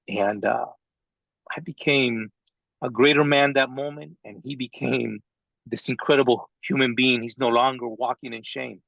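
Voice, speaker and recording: A man telling a painful personal story in a live training talk, speaking slowly and haltingly with long pauses. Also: medium pitch, fairly even intonation, gravelly, fairly bright tone, dry recording, lo-fi sound.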